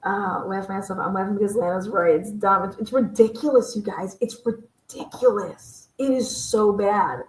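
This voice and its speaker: A woman hosting a casual livestream, ranting in a profane, exasperated and sarcastic way, her voice slightly hoarse. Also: mid-range voice, normal speed, roomy sound, low-quality recording. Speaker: true crime livestream host.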